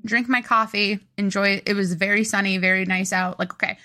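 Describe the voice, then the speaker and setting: A woman's voice: mid-range voice, steady tone, brisk, sharp tone. A young woman co-hosting a podcast, rambling chattily through a story and poking fun at herself. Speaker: podcast co-host. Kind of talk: casual chat.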